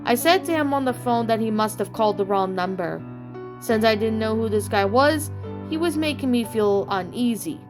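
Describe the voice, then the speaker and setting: A young woman in her twenties tells a true story about herself in a slightly high voice with lively intonation and a moderate pace. Her delivery is plain and rambling, full of long run-on sentences. Faint music plays in the background of the recording.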